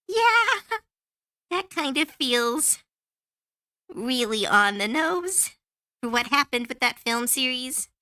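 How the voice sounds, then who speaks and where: Woman streamer, heated profane rant, lively swooping pitch, bright edge, close mic. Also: no echo. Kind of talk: casual livestream chat while drawing. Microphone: close to a desk mic.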